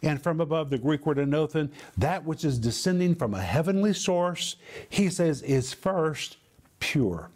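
A man's voice: fairly high pitch, animated, unhurried, a little mellow. A man preaching a sermon, emphatic, explaining Greek words and building long lists with rising force. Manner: spells out Greek word meanings. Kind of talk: sermon teaching.

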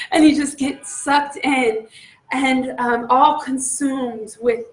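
Excited woman exclaiming in an echoey room. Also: high voice, drawn-out words. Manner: breathy, exclaiming, laughing often. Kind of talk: devotional teaching.

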